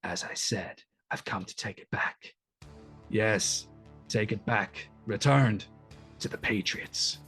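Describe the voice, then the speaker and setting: A man voicing a cold, scheming older gunslinger villain, speaking quietly and with menace. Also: fairly low pitch, slow, breathy edge, soft background music, exaggerated voice. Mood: coldly menacing.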